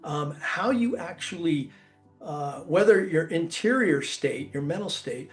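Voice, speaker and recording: A man's voice: on the high side, animated, unhurried, soft background music. A man giving a motivational talk, earnest and loose, with many ums and restarts. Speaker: keynote speaker.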